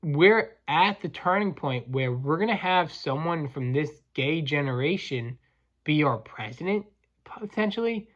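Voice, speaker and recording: A man's voice: fairly high pitch, fairly bright tone, lo-fi sound. A man hosting a podcast, ranting crudely and combatively with frequent stumbling restarts. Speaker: podcast host, welder. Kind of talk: profane comedic rant.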